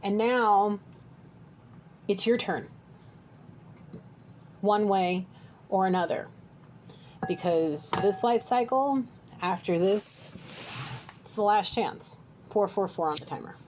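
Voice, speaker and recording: A woman's voice: mid-range voice, takes it slowly, long pauses, darkish tone, poor audio. Lady doing a psychic reading to camera, earnest and blunt, keeps saying okay, faint hum behind her. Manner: earnest, direct, repeats "okay?" to the viewer. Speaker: psychic reader. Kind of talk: channeled tarot-style reading to camera.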